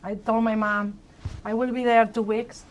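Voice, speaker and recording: A woman's voice: fairly high pitch, little pitch movement, moderate pace, slight background noise. Chatty woman with a Spanish accent. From born in Argentina, grew up in Spain. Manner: chatty, tags sentences with "right?". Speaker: panel guest, treasury leader. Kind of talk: personal story on a live panel.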